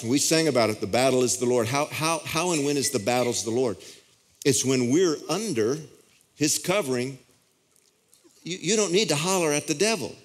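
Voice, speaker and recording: Pastor guy preaching, folksy, punches lines hard then drops low, average pitch. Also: lively intonation, moderate pace. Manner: folksy, emphatic preaching with sudden loud bursts and repeated phrases. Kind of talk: sermon.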